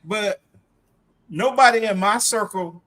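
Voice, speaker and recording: Brief: high-pitched man, lively laughing host banter. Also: slow pace. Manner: animated, laughing storyteller. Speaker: livestream co-host. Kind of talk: casual chat.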